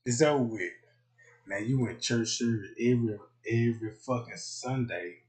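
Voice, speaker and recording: A man hosting a livestream, telling a profane comic story in an animated way, swinging from hushed asides to loud outbursts. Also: mid-range voice, moderate pace. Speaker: comedic livestream host. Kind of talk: profane comedic storytelling rant.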